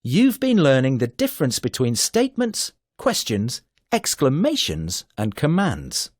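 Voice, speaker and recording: A man narrating a children's grammar video in a slow, sing-song scripted style with a husky voice. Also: medium pitch, wildly swooping pitch, no room sound.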